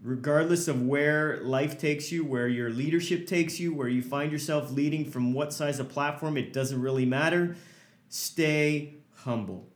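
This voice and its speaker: A man's voice: a little high, fairly even intonation, moderate pace, few pauses, echoey room. A man hosting a motivational podcast as a hockey coach, talking earnestly and hammering points home with repeated lists.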